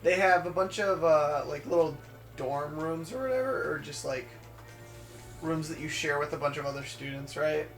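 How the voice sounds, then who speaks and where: A man's voice: fairly high pitch, lively intonation, moderate pace, a bit bright. A young man chatting casually over a game, teasing his friend with joking banter. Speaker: let's play co-host. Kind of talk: casual gaming chat. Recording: roomy echo with faint game music.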